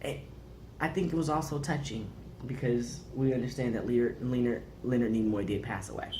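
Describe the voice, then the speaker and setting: A woman's voice: extremely low pitch, brisk, warm tone. A woman reviewing a film in casual chat, teasing and encouraging. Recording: echoey room, faint noise.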